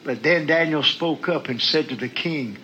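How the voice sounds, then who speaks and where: A preacher with a high, gravelly voice delivers a sermon, dropping low and quiet for scripture, then rising to shouted praise. His tone is bright and cutting, and he talks to the congregation in a plain, folksy way. A faint hiss of room ambience sits behind him. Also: normal speed, poor audio.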